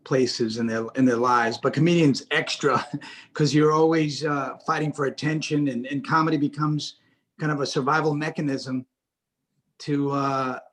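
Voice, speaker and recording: A man's voice: medium pitch, steady tone, normal speed, a bit bright. A middle-aged man speaking on a video call as an interview guest, talking casually with lots of stammered restarts and self-deprecating jokes. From United States. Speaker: actor and director, interview guest.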